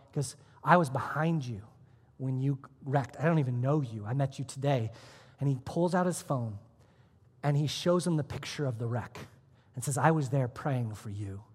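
A man pastor preaching a sermon, telling a personal story with sudden swings between hushed, almost whispered lines and loud, emphatic ones. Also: mid-range voice, moderate pace, husky, in a large hall. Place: church auditorium.

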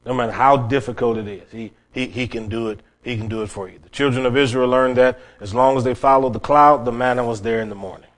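A man's voice: mid-range voice, fairly even intonation, fast, few pauses. A middle-aged man preaching a sermon, telling stories and often restarting his words. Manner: storytelling with many restarts and repeated words.

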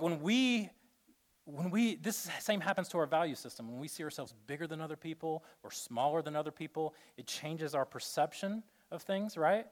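A man preaching a sermon to a room of listeners, joking and acting out little scenes, then turning soft and earnest. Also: a little high. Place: room with an audience.

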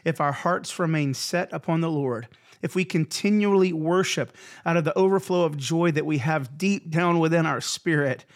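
Pastor, male, podcast devotional; earnest, encouraging, slightly higher voice, repeats lines for emphasis. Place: Houston area.

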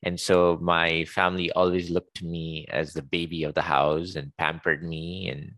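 A man's voice: sits low, little pitch movement, normal speed, a bit bright, no room sound. A man in his forties from Saudi Arabia, a company head, telling personal stories in an interview with lots of laughs and small hesitations. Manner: chatty, laughs often, hesitant fillers. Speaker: guest, company CEO. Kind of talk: casual interview storytelling.

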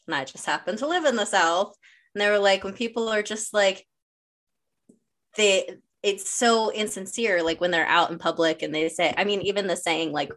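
Swearing, animated woman podcast host. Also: medium pitch, normal speed. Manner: animated storyteller, swears freely, acts out quotes. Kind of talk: casual chat.

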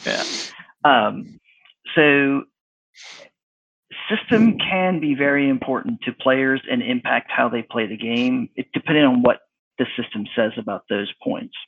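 A man's voice: mid-range voice, unhurried, gravelly, no room sound. A man co-hosting a casual round-table chat about tabletop games, wry and rambling. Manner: wry, rambling, self-mocking. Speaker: podcast co-host. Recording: tinny phone-like line.

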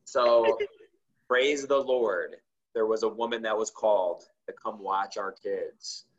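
Low-voiced man telling a lively story. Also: slow pace, muffled recording. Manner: acts out quoted dialogue with lots of "like". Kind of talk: animated storytelling.

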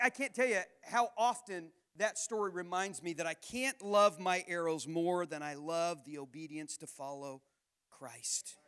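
At a church camp, a pastor preaches a sermon built around a personal story, his voice fairly high-pitched and a bit bright. He speaks in an earnest, conversational way, often restarting sentences and stammering repeated words.

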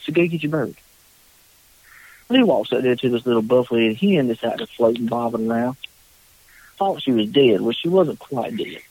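Brief: man, podcast guest, lively storyteller, dry close sound. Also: mid-range voice, no room sound, low-quality recording. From North Carolina. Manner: animated, acts out quotes in a raised voice. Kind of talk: casual storytelling.

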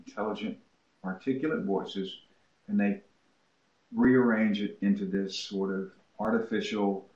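A man with a low voice talks as a guest about teaching writing. He tells animated stories and acts out what he and his students say. The recording is roomy and dull, with a lo-fi muffled edge. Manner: animated storytelling, acts out quoted exchanges with students. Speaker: writing instructor. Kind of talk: interview guest, casual talk.

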